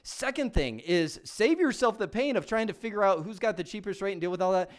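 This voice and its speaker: A middle-aged man from Michigan teaching a casual tech lesson, animated and repeating his words as he acts out phone calls. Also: sits high, fairly quick. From Michigan, USA. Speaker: tech instructor.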